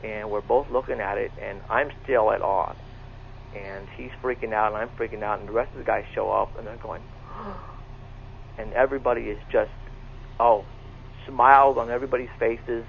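A man's voice: lowish voice, steady tone, brisk, vocal fry. A middle-aged man earnestly telling a personal encounter story, often repeating himself and restarting his sentences. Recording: tinny phone line with faint noise.

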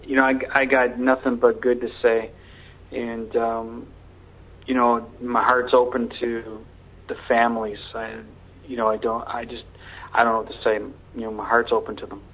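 A man's voice: medium pitch, completely flat delivery, moderate pace, narrow, tinny audio, a little hiss or hum. A man speaking as a radio show guest, earnest and promotional. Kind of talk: casual radio talk.

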